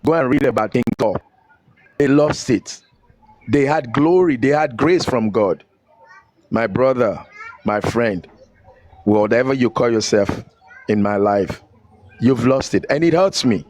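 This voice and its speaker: A man's voice: medium pitch, measured pace, pauses often, darkish tone, low-quality recording. A man with a Nigerian accent in a heated rant, scolding and preaching and repeating phrases to drive his point home. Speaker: online commentator.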